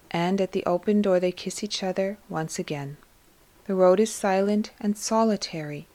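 A woman reading a devotional story aloud in a slow, soft, reverent scripted narration. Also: mid-range voice. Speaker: reader of devotional text.

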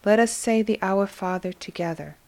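Jesus, as a woman reads him as a gentle consoling man. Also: medium pitch, moderate pace, gravelly, close to an everyday voice. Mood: tender.

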